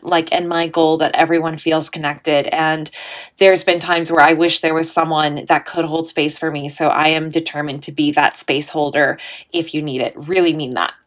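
A woman vlogger speaking in a slightly low voice, casual and heartfelt. She talks in an earnest, chatty way, often saying "like" and "um". Her tone stays encouraging and a little self-deprecating. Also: level tone, moderate pace. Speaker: spiritual vlogger. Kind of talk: casual heartfelt talk to viewers.

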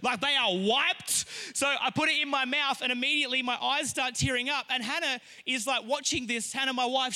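A young man with a very high voice delivers a sermon, recounting a funny story from his own life with lively energy and occasional rises to a shout.

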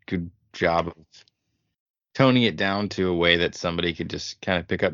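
Appearing as a guest on a casual podcast, the show's creator chats in a laid-back, rambling way full of fillers. His voice is low with vocal fry yet fairly bright, and the lo-fi audio is dull with no echo.

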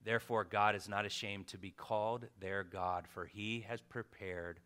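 A man in his thirties preaching a casual sermon, swinging from loud exhortation to hushed emphasis. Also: lowish voice, fairly even intonation, normal speed.

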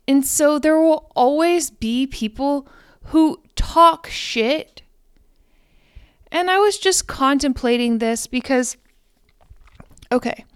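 A woman's voice: high-pitched, no echo, studio quality. A woman hosting a spiritual podcast, talking frankly and profanely in a rambling, self-questioning monologue. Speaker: podcast host.

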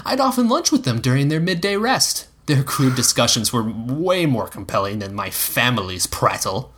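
A man's voice: medium pitch, sing-song, normal speed, fairly bright tone, a little hiss or hum. A man doing Egg, an impish boy squire. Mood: teasing. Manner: needling, teasing. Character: cheeky young boy squire, impish and pushy.

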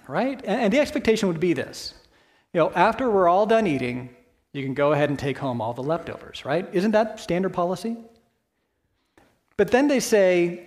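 A man with a slightly high voice preaches in a church. He works through the passage step by step, in a relaxed conversational tone, asking the congregation rhetorical questions as he goes. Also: moderate pace. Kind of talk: sermon.

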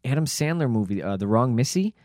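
Man co-host, lively pitch swings, dry close sound, agrees and adds details. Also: a little fast, no room sound. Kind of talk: casual chat.

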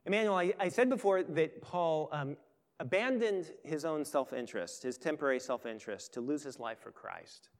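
A pastor preaching a sermon with earnest emphasis that swells and then turns quiet and intimate. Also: male voice, on the high side, expressive, moderate pace. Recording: long hall reverb.

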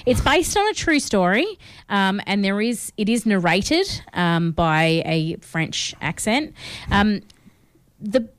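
An Australian woman co-hosts a film review podcast, chatty and opinionated, with frequent fillers. Her mid-range voice is sing-song, slow, clear, and resonant, with no room sound.

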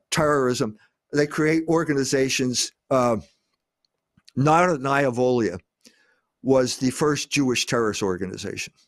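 An older man speaking as a guest, lecturing on history in an emphatic way, with frequent pauses on "uh". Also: mid-range voice, no echo, clean studio sound.

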